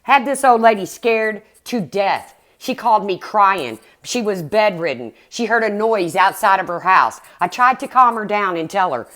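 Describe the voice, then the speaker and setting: A woman's voice: mid-range voice, lively intonation, normal speed, hardly any pauses, fairly bright tone, no room sound. A middle-aged woman ranting bluntly and heatedly on her livestream, swearing as she talks to her viewers. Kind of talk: angry livestream rant.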